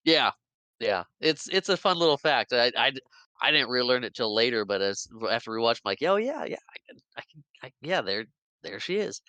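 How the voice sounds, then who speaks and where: A man hosting a casual podcast, retelling a film with lively energy. He often bursts into laughter and acts out the lines. His voice is bright and forward, and the recording is dry and close. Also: medium pitch, fairly quick, smooth, no room sound, poor audio. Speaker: podcast co-host.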